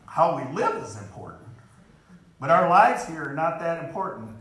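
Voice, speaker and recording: A man's voice: on the high side, big pitch swings, normal speed, a bit bright. A man preaching a sermon in a church in an earnest, emphatic way, reading scripture aloud. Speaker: lay preacher. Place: church sanctuary. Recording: very echoey church hall.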